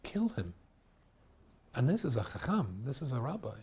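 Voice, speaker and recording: A man from Scotland, a rabbi giving a storytelling lecture, animated, with loud exclamations and quiet asides. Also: medium pitch, fast talker, a little hiss or hum.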